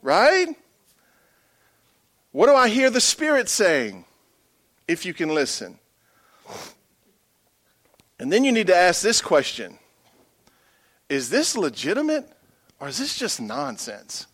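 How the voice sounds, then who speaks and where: Animated preaching man, high lively voice. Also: slow, pauses often. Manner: animated, humorous, swings from hushed to emphatic. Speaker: pastor. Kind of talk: sermon.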